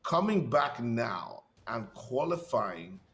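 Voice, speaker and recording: A man casting an esports league broadcast, energetic and upbeat, reading out standings and laughing easily between lines. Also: medium pitch, slow pace. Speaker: esports caster.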